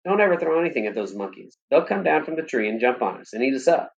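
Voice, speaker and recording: A man's voice: mid-range voice, big pitch swings, fast talker, vocal fry, muffled recording. A man reading aloud, voicing an eager young farm boy who pleads and exclaims.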